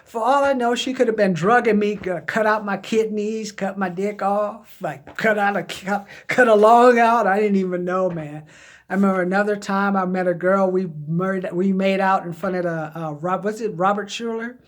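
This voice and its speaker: A middle-aged man from Southern California speaks in a high-pitched, steady voice at normal speed. He tells candid, rambling stories from his own past as job-search advice, drifting into quoted voices in a casual, personal way.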